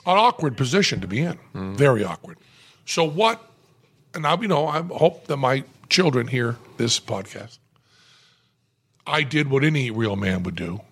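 A middle-aged man telling a long anecdote as a podcast guest, in an animated, profane, self-mocking way, recorded on a podcast mic in a club room. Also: medium pitch, moderate pace, long pauses, slightly rough. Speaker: guest storyteller.

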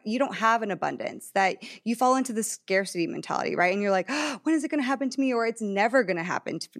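A woman hosting a faith-based podcast, speaking in an encouraging way and drawing on Bible stories. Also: a little high. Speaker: podcast host. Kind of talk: casual faith-based chat.

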